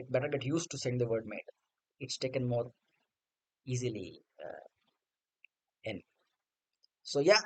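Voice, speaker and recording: A man's voice: high-pitched, clear, resonant tone, poor audio. A man giving a blunt, sarcastic opinion rant as a cricket vlogger. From India.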